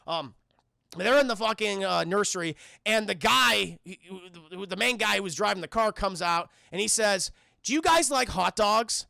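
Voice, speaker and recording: A male streamer with a high, bright voice and a gravelly edge. He rambles through a film recap, swearing often and talking to his chat with a very lively pitch. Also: moderate pace, no echo, studio quality. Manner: profane, rambling, addresses chat constantly.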